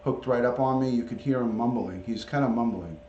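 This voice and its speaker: A man's voice: medium pitch, a little fast, mellow. Man, livestream host, coaxing baby talk to a pet, greets viewers by name, muffled lo-fi audio, faint hum. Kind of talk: casual livestream chat. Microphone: camera or device mic, not clipped on. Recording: roomy, dull lo-fi stream audio.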